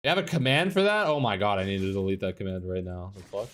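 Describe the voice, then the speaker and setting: A man's voice: low voice, fast talker, slight background noise. A young man streaming a competitive game and commenting live, frustrated, swearing and ranting about his teammates.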